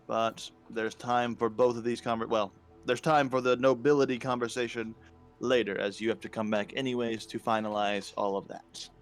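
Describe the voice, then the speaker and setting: A man voicing a solemn, formal river king in a tabletop game, speaking in a measured, hesitant way. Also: mid-range voice, steady tone, faint music behind, lightly acted. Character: solemn middle-aged human river king.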